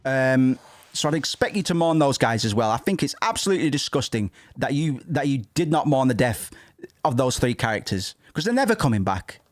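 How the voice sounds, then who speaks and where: A man's voice: mid-range voice, sing-song, brisk, no echo, clean studio sound. A man giving casual, irreverent and jokey commentary while streaming a video game. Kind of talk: casual let's-play commentary.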